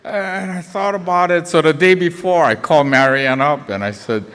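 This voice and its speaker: An older man telling a lively, chuckling memorial story in a church, acting out the voices as he goes. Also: fairly high pitch, moderate pace, clean tone. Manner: animated, chuckling storyteller who acts out voices. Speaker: eulogy speaker, former fellow band teacher. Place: church sanctuary. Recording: echoey church hall.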